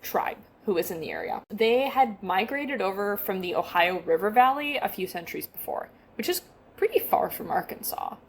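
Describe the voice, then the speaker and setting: A woman's voice: mid-range voice, expressive, moderate pace, slight background noise. A young adult woman co-hosting a podcast, chatting casually and reading from her notes, self-deprecating and stumbling over names. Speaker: podcast co-host.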